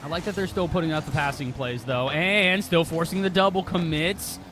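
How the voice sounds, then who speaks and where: High-voiced excitable esports caster man. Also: normal speed, slight background noise. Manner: excitable, jumps high on big plays. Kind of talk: live play-by-play commentary.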